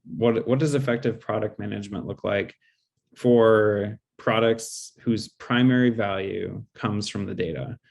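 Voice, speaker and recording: Low gravelly man explaining. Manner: measured, frequent "um" and "like". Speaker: guest speaker. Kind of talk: webinar Q&A answer.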